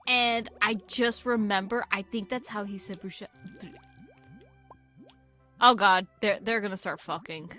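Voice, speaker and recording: A woman's voice: mid-range voice, fairly even intonation, measured pace, pushed and bright. A young woman casually commenting on a farming game she's playing, rambling into sweary, self-mocking tangents. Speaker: gaming channel host. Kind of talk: casual let's-play commentary. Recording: faint game music behind.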